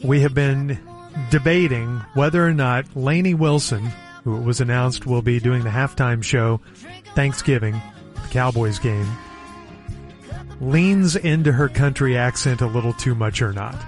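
A man's voice: medium pitch, a little slow, faint music behind. A man co-hosting morning radio, wryly moderating the debate and reading the show intro. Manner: wry, moderating.

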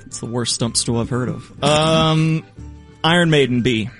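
A man's voice: medium pitch, measured pace, music in the background. A man contestant on a comedy quiz, wisecracking and grumbling about the scoring. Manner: wisecracking, complaining. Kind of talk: casual comedy banter.

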